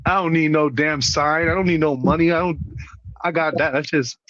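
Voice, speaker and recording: A man from Puerto Rico, a wrestler guest, telling stories in casual interview chat with animated, profane energy. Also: a little high, moderate pace, no room sound, dull audio.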